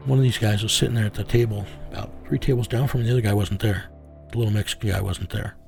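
A man's voice: fairly low pitch, fairly even intonation, fast talker, vocal fry, darkish tone, soft background music. A man telling, in plain, folksy words, the story of a case he tracked as an investigator. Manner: plain-spoken, drawling, folksy phrasing. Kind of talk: casual first-person storytelling.

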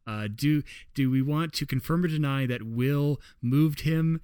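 A man's voice: fairly high pitch, unhurried, a little mellow, smooth, dry recording, studio quality. Teasing man hosting a podcast. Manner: steers topics, teasing humor. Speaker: podcast host and moderator. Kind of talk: casual chat.

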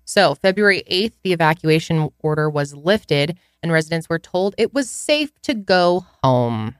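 Woman cohosting a podcast, lowish voice, upset and sarcastic, dry close mic. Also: expressive, unhurried, clear, resonant tone, no echo. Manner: emotional, outraged, sarcastic. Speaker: podcast co-host. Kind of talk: casual chat.

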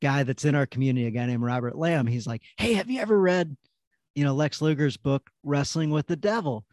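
A man's voice: medium pitch, fairly quick, a little mellow, no echo, studio quality. A man hosting a podcast, chatting enthusiastically with his guest. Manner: enthusiastic, upbeat. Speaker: podcast host. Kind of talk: casual podcast conversation.

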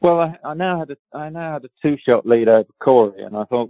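A man's voice: medium pitch, brisk, hardly any pauses, no room sound. A man in his fifties from England, a guest golfer recounting stories in a casual interview, rambling with many restarts and easy laughter. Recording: tinny phone-line sound, dry.

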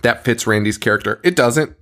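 A man's voice: medium pitch, a little fast. A man co-hosting a casual horror movie podcast, laughing often and swearing freely as he recaps scenes. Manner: laughing, profane, animated. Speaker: podcast co-host.

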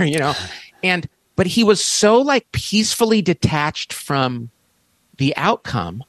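A man in his fifties, a podcast guest, telling a story with lively, animated delivery and acted-out quotes. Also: unhurried, dry recording. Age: 50s. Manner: animated, acts out quotes with big pitch jumps. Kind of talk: storytelling in a conversation.

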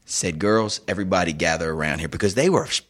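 A man and youth soccer coach chatting casually as co-host, telling a story with lively acted-out quotes. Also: deep voice, quick pace. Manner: animated storyteller, acts out quoted voices. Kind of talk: casual chat.

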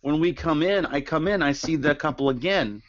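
A man's voice: on the high side, normal speed, highs cut off, background noise. A man co-hosting a casual chat, teasing his friends and acting out both sides of his stories. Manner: teasing, animated storyteller, acts out exchanges. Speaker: podcast co-host.

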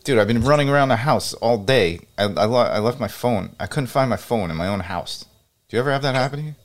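A man co-hosting a podcast, telling funny stories in casual chat and laughing as he goes. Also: mid-range voice. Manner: laughing storyteller, gets loud and fast when excited. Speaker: podcast co-host.

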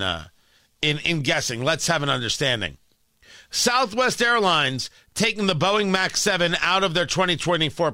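Casting: male talk-radio host, lively pitch, bright tense tone, dry studio sound, wry and animated. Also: no echo. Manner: animated, wry, self-correcting.

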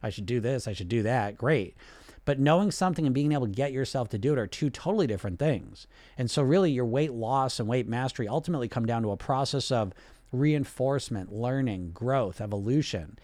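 A man's voice: medium pitch, lively intonation, brisk, a little mellow, no echo. A man coaching on weight loss in an instructional talk, conversational and often checking in with tag questions.

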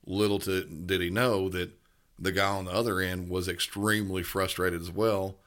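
A man co-hosting a podcast, telling work stories in a casual, halting way with many restarts. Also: sits low, fairly even intonation, fairly bright tone. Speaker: podcast co-host, police dispatcher. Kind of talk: casual storytelling.

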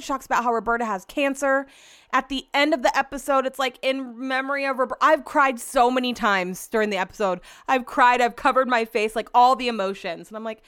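A woman's voice: on the high side, steady tone, fairly quick, fairly bright tone, smooth. A young woman hosting a podcast, chatting casually and gushing with lots of "like" and "um". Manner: bubbly, gushing, uses lots of "like" and "um". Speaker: podcast host. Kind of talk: casual solo chat.

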